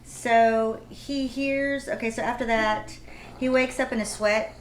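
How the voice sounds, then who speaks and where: A woman's voice: fairly high pitch, steady tone, a little slow. A middle-aged woman, a mother, chatting casually about a book with jokey, teasing asides. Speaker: mother reading along. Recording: echoey room with faint hiss.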